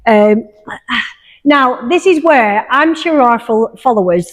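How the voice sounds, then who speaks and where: A lively woman co-hosting a chatty podcast, her voice sitting a touch high. She tells stories with plenty of laughter and acts out what people said. The room carries a long reverb. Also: slow. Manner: animated, laughs often, acts out quotes. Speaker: podcast co-host. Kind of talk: casual chat, storytelling.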